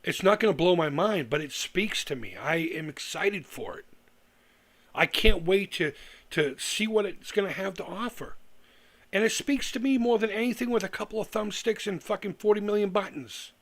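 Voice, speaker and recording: A middle-aged man vents on a live stream with a voice pitched a little higher than most men. He swears freely, turns sarcastic and trips over his own words as he goes. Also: lively intonation, normal speed, a bit bright. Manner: heated, profane, sarcastic, with restarts. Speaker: retro gaming YouTuber on a live stream. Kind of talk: profane ranting live stream monologue.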